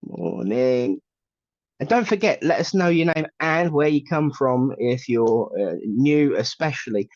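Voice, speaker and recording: A man's voice: mid-range voice, expressive, measured pace, darkish tone, dry recording. A jokey man co-hosting a morning show, laughing easily and now and then putting on a radio-DJ patter. His voice sits in the middle range. The recording is dry and a little dull. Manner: jokey, laughs often, slips into a radio-DJ delivery. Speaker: co-host of a live psychic show. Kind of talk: casual morning-show chat.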